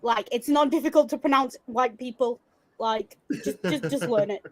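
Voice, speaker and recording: A woman with a high voice chats casually on a podcast, blunt and quick to joke. Her voice sounds dry and close, with no room around it. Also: no echo, low-quality recording. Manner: blunt, joking. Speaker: podcast co-host. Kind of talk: casual chat.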